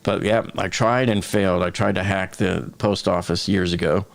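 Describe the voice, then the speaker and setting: A man's voice: low voice, steady tone, normal speed, vocal fry. A man from the Boston area hosting a live stream, chatting casually, joking and reading viewer comments aloud.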